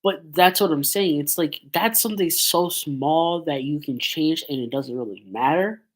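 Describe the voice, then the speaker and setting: A man's voice: on the high side, normal speed, low-quality recording. A man with a stuffy nose from a cold, chatting in a rambling casual commentary vlog with lots of fillers. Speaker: YouTuber.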